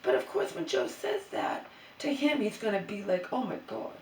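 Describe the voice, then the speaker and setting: A woman's voice: mid-range voice, lively intonation, normal speed, a little mellow, recorded from a distance, a little hiss or hum. A woman vlogger in a rambling, exasperated monologue to camera, recorded in an empty bedroom in her new home. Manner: rambling, exasperated venting with restarts. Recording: roomy echo, voice away from the mic.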